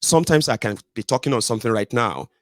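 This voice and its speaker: A man's voice: mid-range voice, lively intonation, quick pace, no room sound. A man with a Nigerian English accent hosting a political podcast in a loose, digressive rant, blunt and full of pidgin tag questions. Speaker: podcast host. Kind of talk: casual ranting monologue.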